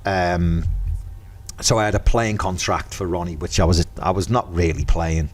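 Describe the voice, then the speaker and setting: A middle-aged man with a Merseyside accent, a podcast guest in casual chat, telling lively anecdotes and acting out the dialogue. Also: low-pitched, normal speed, husky. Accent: Merseyside English. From Merseyside, England.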